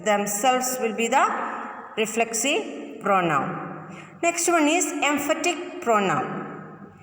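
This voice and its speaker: High-voiced woman teaching grammar, echoey. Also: big pitch swings, a bit bright. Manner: repeats each sentence slowly, spells out words. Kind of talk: classroom grammar lesson. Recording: echoey room with long reverb.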